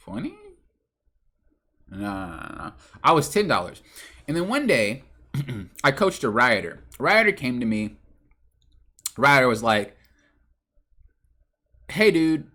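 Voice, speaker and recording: A man with a bright, forward voice tells a loose, rambling story on his own podcast. His pitch swings widely as he goes, and he stumbles and restarts his sentences, correcting himself mid-thought. It sounds like casual, unscripted talk about coaching games. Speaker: podcast host and game coach.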